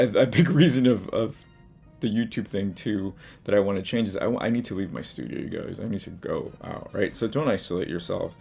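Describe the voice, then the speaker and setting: A man's voice: on the low side, vocal fry, a little mellow. A man hosting his own art video, talking frankly and casually about habits to drop, with swearing and self-mocking asides, from his studio. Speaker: artist and video host. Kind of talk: casual motivational talk to camera.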